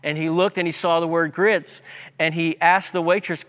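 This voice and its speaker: Male pastor, sermon, emphatic, repeats key words, fairly high voice, long hall reverb. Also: flat delivery, moderate pace, a bit bright, clear, resonant tone.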